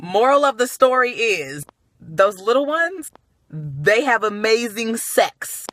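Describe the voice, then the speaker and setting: Woman vlogger spinning a wild story, bright voice, swings up and down, dry close phone sound. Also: fairly high pitch, slow, dry recording. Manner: animated, profane, exclamatory. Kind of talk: comic storytelling to followers.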